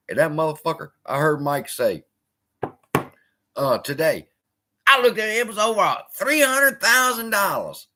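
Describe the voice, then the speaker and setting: A man hosts a casual live stream, speaking in loose, profane bursts while he reads and answers his chat. His voice is bright and forceful, and his pitch jumps all over the place as he talks. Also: measured pace, long pauses. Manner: profane, animated, heckling chat. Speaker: host.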